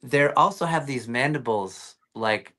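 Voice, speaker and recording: A man's voice: medium pitch, lively intonation, a little slow, pushed and bright. A man talking as a guest actor in a casual interview, telling rambling stories with lots of fillers and restarts over a video call.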